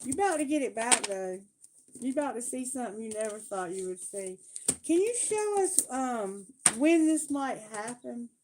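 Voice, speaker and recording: Woman, tarot reader, live reading, blunt, emphatic, swears, fairly high voice, faint background noise. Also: very animated, normal speed. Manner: blunt, emphatic, swears, asks Spirit questions aloud.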